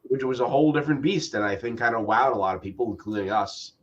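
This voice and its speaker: A man with a stuffy nose from allergies co-hosting a review podcast, talking in a halting way with many restarts. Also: mid-range voice, highs cut off. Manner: halting, many repeated starts. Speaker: podcast co-host. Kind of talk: casual review chat.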